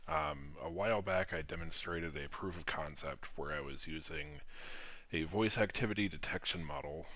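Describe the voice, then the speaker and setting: A man demoing his own software project in a casual screen recording, explaining each step and swearing now and then. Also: low-pitched, no echo, dull audio.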